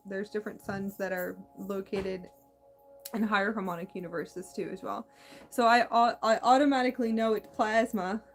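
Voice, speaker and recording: A woman hosting a spiritual talk, speaking in a meandering, halting way with many restarts and a slight lisp. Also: mid-range voice. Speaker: spiritual channel host. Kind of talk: casual spiritual monologue.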